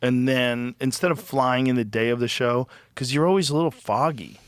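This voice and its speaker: A man's voice: medium pitch, moderate pace, clear, resonant tone, no echo, studio quality. A middle-aged man hosting a podcast, chatting casually and handing out blunt, profane advice. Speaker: podcast host. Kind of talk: casual chat.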